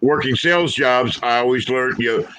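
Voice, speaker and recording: A man from Florida with a Southern accent, hosting a casual chat and rambling with many fillers; he has no teeth but speaks clearly. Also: mid-range voice, normal speed, sharp tone, poor audio. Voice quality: toothless. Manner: rambling, frequent "you know" fillers. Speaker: host.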